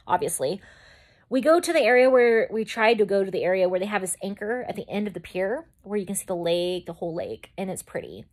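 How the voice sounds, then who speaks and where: A young woman vlogger telling a personal story in a casual, chatty way, rambling into side remarks and acting out her own past reactions. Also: mid-range voice. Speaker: makeup vlogger.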